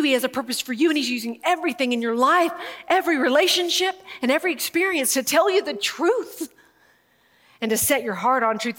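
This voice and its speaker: A woman preaching a sermon in an emotional, emphatic way, laughing and pausing as she speaks. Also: high-pitched, a bit bright. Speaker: speaker at a women's gathering. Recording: long hall reverb.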